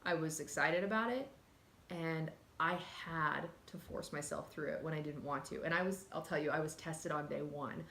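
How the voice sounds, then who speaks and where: A woman's voice: low voice, moderate pace, fairly bright tone, a little hiss or hum. A woman talking candidly and earnestly in a personal vlog, emotional at times and casual with fillers. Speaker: vlogger. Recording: echoey room.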